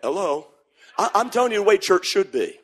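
A man preaching a sermon, shouting in sing-song bursts and then dropping to a hush. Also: high voice, very animated, brisk, husky.

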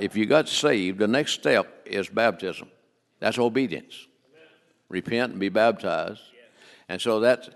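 Folksy older preacher, gravelly. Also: male voice, on the low side, a bit bright, big-room sound. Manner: folksy, joking, full of restarts. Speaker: guest preacher. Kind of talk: sermon on giving. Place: church sanctuary.

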